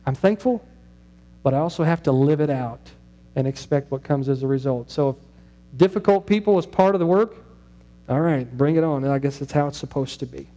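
Middle-aged male pastor, sermon delivery, warm, higher-pitched voice, chatty and questioning. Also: a little fast. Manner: conversational, asks the congregation questions.

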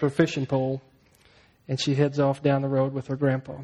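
A man's voice: medium pitch, monotone, moderate pace, warm tone, low-quality recording. A male pastor preaching a sermon, telling a story and asking the congregation questions.

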